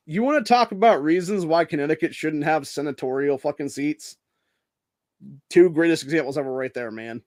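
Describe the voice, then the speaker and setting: A man hosts his own show and rants at length, cursing at every turn and tossing in dude and bro as he rambles from one gripe to the next. His voice sits at a middle pitch. It is caught close and dry, with no room sound around it. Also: a little mellow, no echo. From Ohio. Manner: swears constantly, rambling, says dude and bro. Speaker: podcast host. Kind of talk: profane rant and casual monologue.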